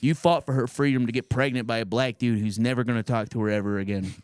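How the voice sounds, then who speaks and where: This thirtysomething podcast host speaks quickly in a mid-range voice with fairly even intonation and a clean tone, captured in a dry recording. He rambles through a profane, crude comedic story, laughing through his lines.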